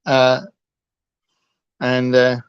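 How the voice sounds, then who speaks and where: A man's voice: mid-range voice, completely flat delivery, drawn-out words, clear, resonant tone. A man hosting a livestream, chatting casually and playfully with viewers, laughing often and rambling between topics. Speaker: livestream host. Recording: muffled lo-fi livestream audio.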